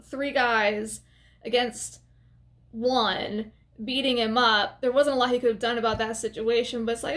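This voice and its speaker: A woman casually recapping a horror film for her channel, chatty and expressive, with plenty of filler words and side comments. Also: fairly high pitch, a little slow. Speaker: movie reviewer. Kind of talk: casual movie recap to camera.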